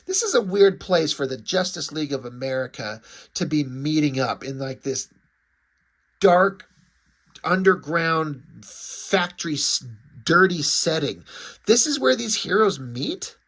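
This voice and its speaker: A man's voice: fairly high pitch, a bit bright, breathy edge. A man giving a casual, rambling spoken review of a comic book, with lots of filler words. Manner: rambling, uses lots of "like" and "you know".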